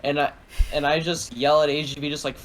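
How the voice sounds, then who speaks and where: A man's voice: on the high side, level tone, fast, fairly bright tone, poor audio. A man as guest in a casual gaming talk, rambling through a story with lots of "like" and free swearing. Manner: rambling, heavy use of "like", swears freely.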